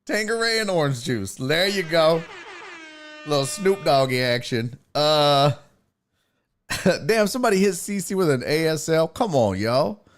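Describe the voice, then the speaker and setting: Excitable, animated streamer. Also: male voice, a little high, a little slow. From Houston, Texas. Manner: excitable, swears freely, lots of fillers. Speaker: sports show host. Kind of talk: casual livestream chat reading the chat.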